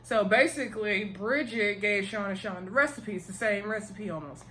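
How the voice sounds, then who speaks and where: A woman giving a casual, animated recap of a TV episode, full of slang and playful asides. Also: medium pitch, moderate pace, a little hiss or hum. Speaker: TV episode reviewer.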